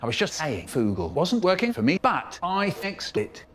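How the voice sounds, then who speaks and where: A man's voice: sits high, wildly swooping pitch, normal speed, heavy background noise. A man acting a flustered older man who struggles with his computer in a comedy skit, stammering and laughing mid-line.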